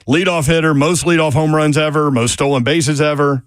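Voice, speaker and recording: Man, sports radio host, casual chatty delivery, slightly high voice, dry studio mic. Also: steady tone, normal speed, clear, resonant tone, no room sound. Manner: chatty, reads listener messages.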